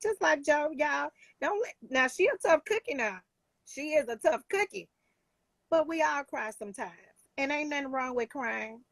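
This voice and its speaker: A woman's voice: sits high, animated, normal speed, gravelly, fairly bright tone, dry recording. A woman life coach talking in a casual talk show, emphatic and heartfelt, with many restarts.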